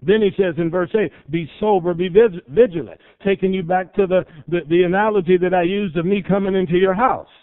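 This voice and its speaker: A man's voice: high voice, fairly quick, few pauses, dry recording. A man preaching a sermon as pastor, building emphasis through stories and scripture. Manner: preaching with rising emphasis and illustrations. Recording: tinny phone-like radio broadcast.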